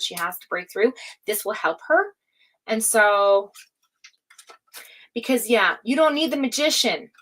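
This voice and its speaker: A woman giving a tarot reading in a forceful, profane, scolding pep-talk manner, with many fillers and restarts. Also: a little high. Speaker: tarot reader. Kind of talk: casual spoken tarot reading to camera.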